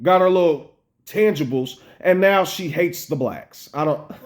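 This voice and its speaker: Male American vlogger, higher-pitched, upset and rambling, profane rant to camera. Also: slow. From United States. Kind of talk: emotional personal vlog rant.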